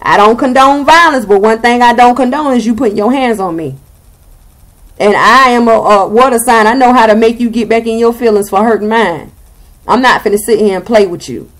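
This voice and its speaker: A woman's voice: on the high side, brisk. A young woman with a Southern US accent giving a blunt, sassy tarot reading and swearing freely. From Southern United States. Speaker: tarot reader.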